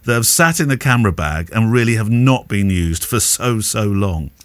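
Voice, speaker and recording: A man's voice: fairly low pitch, normal speed, no echo. A man co-hosting a photography podcast, chatting casually and joking while he asks questions. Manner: jokey, asks questions, lively intonation. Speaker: podcast co-host. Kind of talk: casual chat.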